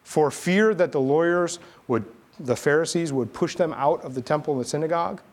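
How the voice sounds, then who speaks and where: A man preaching a sermon as pastor, telling stories in a casual, animated, conversational way. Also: a little high, fairly quick. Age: adult, army veteran.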